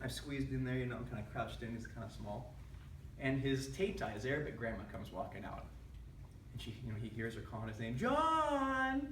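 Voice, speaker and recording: A man giving a prepared speech to an audience, telling a humorous family story with animated delivery. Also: mid-range voice, fairly quick, slight background noise. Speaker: public speaker. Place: meeting room with an audience. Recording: echoey room from a distant mic.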